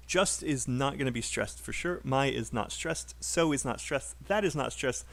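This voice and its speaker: A man's voice: mid-range voice, lively intonation, measured pace, creaky, few pauses, a bit bright. A British man who teaches English in a live online class, upbeat and explaining, modelling sentences aloud for his students.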